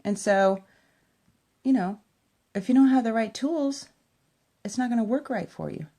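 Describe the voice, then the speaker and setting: Here a woman with a fairly high but dark-toned voice speaks a little slowly. She's a makeup vlogger filming at home beside a window, chatting eagerly to viewers as she walks them through a tutorial.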